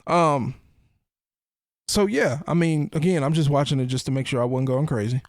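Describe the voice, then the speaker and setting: A man's voice: fairly high pitch, moderate pace, no echo, clean studio sound. A man hosting a podcast in casual chat, laid-back and steering the talk. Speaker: podcast host.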